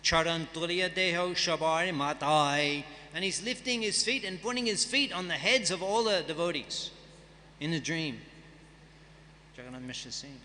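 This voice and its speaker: A man's voice: high-pitched, animated, normal speed, long pauses, sharp tone, in a large hall. A man giving a scripture class, reading and chanting verses and then explaining them in a conversational way. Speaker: guest speaker at a temple festival. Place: temple hall.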